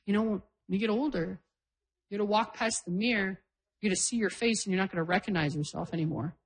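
A woman voicing her blunt, unbothered mother, speaking matter-of-factly in a lower, quieter voice. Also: fast, lightly acted, low-quality recording. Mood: instructive.

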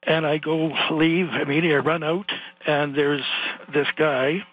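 Older man, caller, husky voice, rambling storyteller, muffled phone line. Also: fairly high pitch, normal speed, soft background music. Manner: rambling, animated storyteller, laughs as he talks.

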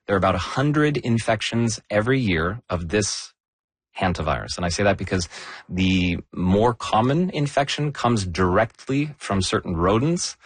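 Husky low-voiced man explaining science news. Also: no room sound. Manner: explanatory, measured, emphasizes key words. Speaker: podcast host. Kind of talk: conversational science news podcast.

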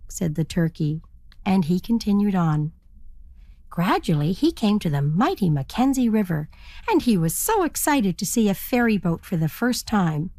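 A woman reading a children's story aloud in a lively, expressive way. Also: lowish voice, moderate pace, dry recording.

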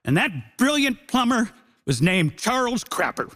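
Lively high-voiced male comic. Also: unhurried, very noisy. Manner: mock-grand, deadpan punchlines. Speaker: comedian debater. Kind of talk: stand-up argument.

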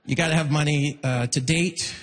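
A man performing a stand-up comedy set on a concert hall stage, animated, with shouted bursts and mock voices. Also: fairly high pitch, moderate pace. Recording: live hall recording with long reverb.

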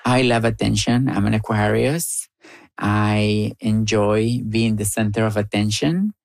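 A woman from Argentina with an Argentine Spanish accent, telling personal stories in an interview in a slow, playful way. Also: rumbling low, steady tone, gravelly, a little mellow, slight background noise. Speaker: storyteller and writer.

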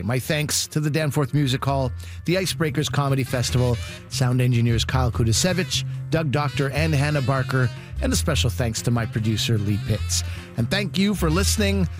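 Male radio host, faint music behind. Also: medium pitch. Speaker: radio comedy show host. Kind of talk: scripted sign-off.

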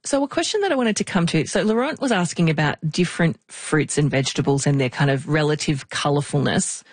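A woman's voice: deep voice, lively intonation, a little fast, no room sound. A woman hosting a podcast, friendly and playful, asking questions and summing up answers. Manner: friendly, playful, asks and sums up. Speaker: podcast host. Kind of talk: conversational podcast interview.

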